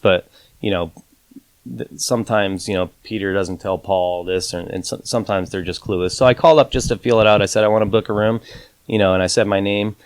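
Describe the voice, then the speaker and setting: A man with a fairly low voice tells a rambling story on a podcast, padding it with fillers and "you know". He raises his voice to act out the lines he quotes. The sound is close and dry, with no room around it. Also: no room sound. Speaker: podcast guest, advantage gambler. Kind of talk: casual storytelling interview.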